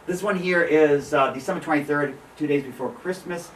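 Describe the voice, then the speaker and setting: Animated man telling stories in an echoey gallery. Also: on the high side, fairly quick, distant mic, slight background noise. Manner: animated storyteller, acts out quoted voices, laughs often. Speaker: photographer giving a gallery talk. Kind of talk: informal slide talk to an audience. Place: small art gallery with an audience. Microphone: room recording from a distance. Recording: echoey gallery room, voice from off-mic.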